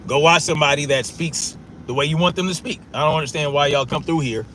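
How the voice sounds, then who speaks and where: A man's voice: fairly high pitch, fast talker, fairly bright tone, slight background noise. A man arguing back at chat comments during a casual live stream, profane and repeating himself for emphasis.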